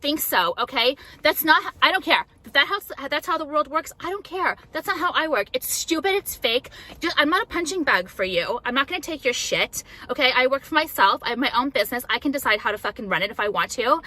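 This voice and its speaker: High-voiced woman vlogger, confrontational and profane, casual filler-heavy rant. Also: lively intonation, fairly quick, pushed and bright, slight background noise. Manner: combative, profane, full of "like" fillers.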